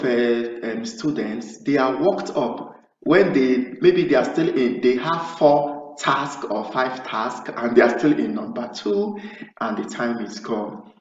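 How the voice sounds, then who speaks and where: A man's voice: medium pitch, darkish tone. A man tutoring nurses for an English speaking exam, explaining step by step and often restarting his phrases. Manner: explanatory, acts out sample nurse-patient dialogue. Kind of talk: spoken lesson. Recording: roomy, distant, dull sound.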